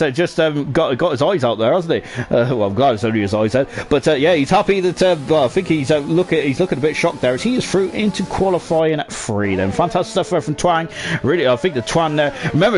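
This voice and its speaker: A young man giving live sim racing commentary, chatty and full of fillers, often tagging lines with "isn't it?". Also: on the high side. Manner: chatty, ends lines with tag questions, many fillers.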